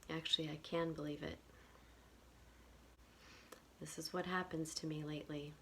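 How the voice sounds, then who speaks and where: A woman guiding a tapping session in a whispered role-play, speaking slow phrases for the listener to repeat. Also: low voice, flat delivery, creaky, a little hiss or hum. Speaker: EFT tapping guide.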